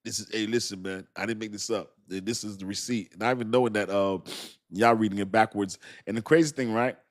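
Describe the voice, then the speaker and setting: A man's voice: lowish voice, fairly even intonation, quick pace. A man hosting a casual crypto livestream, talking straight to his viewers in a rambling, slangy way, laughing often and poking fun at himself. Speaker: crypto channel host.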